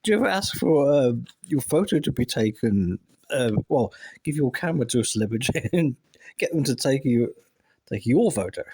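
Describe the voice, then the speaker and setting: A man's voice: mid-range voice, very animated, normal speed, dark tone, husky. A man conducting a mock-serious interview, asking earnest questions with hesitant fillers.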